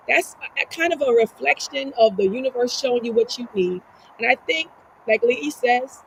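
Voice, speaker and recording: A woman's voice: on the high side, animated, normal speed, creaky, slight background noise, low-quality recording. A woman who is a life coach and podcast guest, talking earnestly and motivationally, asking herself rhetorical questions. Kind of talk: casual conversation.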